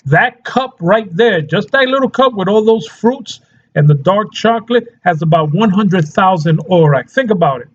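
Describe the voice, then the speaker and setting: Man with a fairly high voice, a chatty nutrition coach who laughs a lot, on dull lo-fi audio. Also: animated, normal speed. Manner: chatty, laughs often, keeps checking in with "okay?". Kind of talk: casual health talk to camera.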